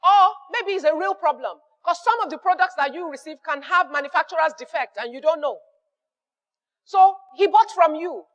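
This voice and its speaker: A high-pitched woman with a Nigerian accent lectures on running an honest business. She hammers her points home, repeating phrases for weight and slipping into short acted-out exchanges with customers. Her voice carries a long reverb, as in a hall. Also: lively intonation, moderate pace, lo-fi sound. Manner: emphatic, repeats key phrases, acts out little dialogues. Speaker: business mentor. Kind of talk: motivational business advice talk.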